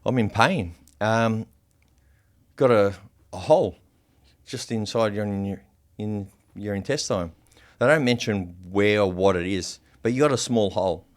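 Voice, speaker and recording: A man, a podcast guest, telling a personal story in a casual, animated way, swearing freely and using lots of fillers. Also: on the low side, measured pace.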